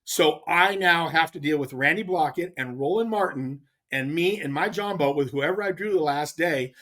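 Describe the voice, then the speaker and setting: A man as a guest telling a long, animated story in casual chat, emphatic and rambling. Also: fairly high pitch, moderate pace. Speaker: guest angler.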